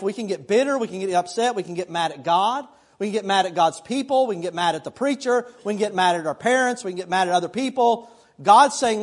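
A middle-aged male pastor preaching a sermon in a conversational way, mixing scripture with personal stories. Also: high voice.

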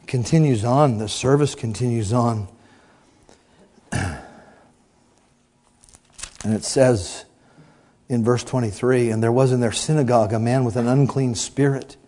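A man's voice: mid-range voice, measured pace, long pauses. Playful man preaching a sermon. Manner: playful, teasing the congregation; swings from loud outbursts to quiet asides.

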